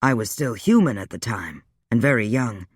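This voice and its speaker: A man voicing a weary, wry male vampire, speaking low and subdued in a dry audiobook reading. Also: animated, moderate pace, husky, no echo. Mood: rueful.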